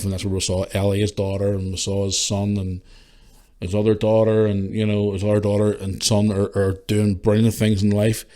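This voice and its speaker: A middle-aged man with a Northern Irish accent hosting a podcast, speaking emotionally and haltingly in a tribute monologue, swearing and restarting his sentences. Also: lowish voice, a little mellow. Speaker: podcast host.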